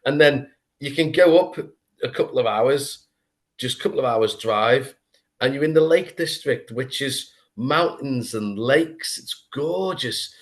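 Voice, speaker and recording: A man's voice: mid-range voice, a little slow. Eager Scouse man, casual chat. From England. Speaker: podcast host.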